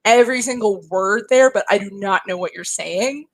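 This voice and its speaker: A woman's voice: mid-range voice, normal speed, no room sound, low-quality recording. A young woman game developer talking casually in a panel chat, chatty with lots of fillers and laughter. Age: young adult.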